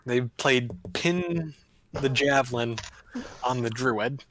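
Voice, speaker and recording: A man's voice: medium pitch, slow, a bit bright, slight background noise. A man running a tabletop game as game master, giving rulings in a casual, dry way.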